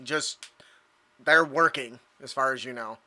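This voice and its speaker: A man narrating as game master of a tabletop game, casual and halting, with many pauses and fillers. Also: mid-range voice, pushed and bright.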